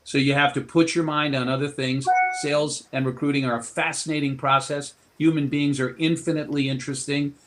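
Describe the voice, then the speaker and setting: A man's voice: fairly high pitch, level tone, brisk, hardly any pauses, fairly bright tone. A man appearing as a guest author in an interview, telling anecdotes in a broad, expansive way. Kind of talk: interview storytelling.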